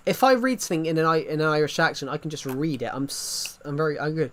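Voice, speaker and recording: A man's voice: on the high side, fast, hardly any pauses, a bit bright. A man chatting casually on a livestream, rambling and often restarting his sentences. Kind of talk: casual stream chat.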